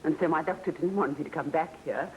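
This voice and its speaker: An actress playing a gentle, patient mother back home after a long illness, with calm, consoling speech in an old television drama. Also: low-pitched, fast talker, slight background noise, natural voice, low-quality recording. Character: gentle mother returned from a mental hospital. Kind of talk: 1960 television drama acting.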